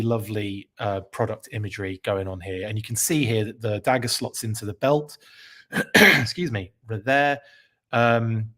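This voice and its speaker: A man's voice: fairly low pitch, fairly bright tone. A man hosting a live podcast stream, reacting with enthusiasm, rambling and correcting himself as he reads out chat comments.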